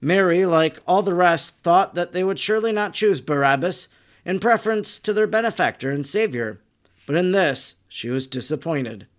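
A male narrator reads a religious text aloud as an audiobook. His voice sits a little high, and his delivery stays solemn and measured.

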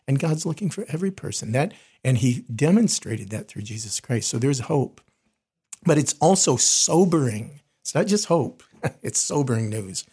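Middle-aged male chaplain, slightly raspy, plain mid pitch, casual earnest teaching delivery with restarts. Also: a little mellow. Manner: earnest, conversational, frequent restarts. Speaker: corporate chaplain. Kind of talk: podcast teaching talk.

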